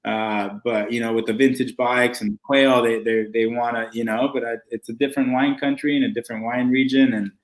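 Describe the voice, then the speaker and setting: A man's voice: medium pitch, a little fast, few pauses, rough recording. A man, a winemaker guest, chatting casually and telling anecdotes with lots of restarts. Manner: animated anecdotes with acted quotes, many restarts. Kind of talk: casual storytelling chat.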